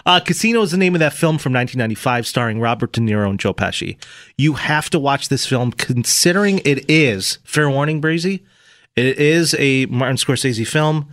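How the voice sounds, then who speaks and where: A man's voice: medium pitch, expressive, a little fast, a bit bright. A man hosting a morning radio show, teasing his co-host and reading out listener texts. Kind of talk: casual morning radio banter.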